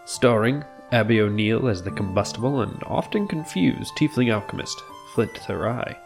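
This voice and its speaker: Gravelly man narrating a tale. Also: on the low side, expressive, normal speed. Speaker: show narrator. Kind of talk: scripted narration. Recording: music bed behind voice.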